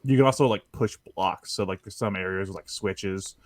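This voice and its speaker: A man's voice: low voice, moderate pace, no room sound, clean studio sound. A man chatting casually on a gaming podcast, reviewing a game with lots of fillers and chuckles. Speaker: podcast co-host.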